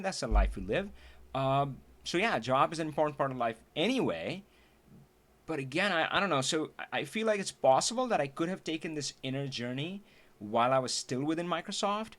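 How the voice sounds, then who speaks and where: Earnest man streaming, voice going hoarse. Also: medium pitch, fairly bright tone. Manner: earnest, reflective, frequent restarts and laughs. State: losing his voice. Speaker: livestream trainer and host. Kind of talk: casual livestream talk to viewers. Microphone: streaming setup.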